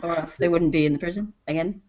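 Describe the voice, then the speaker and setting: A woman with a fairly low voice talks in a deadpan, dry way as a guest on a livestream. The audio is dull and lo-fi. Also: quick pace. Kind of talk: casual group chat.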